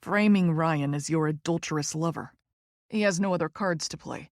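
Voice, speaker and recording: A woman voicing a calm, protective older man who speaks in a measured, slightly formal way in an audiobook. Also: deep voice, dry recording, studio quality, pitched below the performer's own voice. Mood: pondering. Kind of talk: audiobook character voice.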